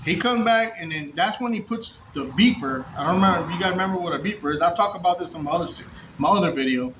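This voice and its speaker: Casual male vlogger, high voice, profane rambling storyteller, faint hum behind. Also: expressive, fast. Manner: rambling, profane, restarts often. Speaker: former inmate telling his story. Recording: echoey room.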